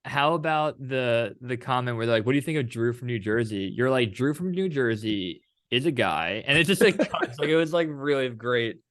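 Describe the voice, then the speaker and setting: A man's voice: medium pitch, normal speed, hardly any pauses, no room sound, clean studio sound. A young man co-hosting a casual chat, telling stories with animation and acting out the back-and-forth he describes. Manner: animated storyteller, acts out quoted exchanges; casual, swears freely. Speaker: co-host.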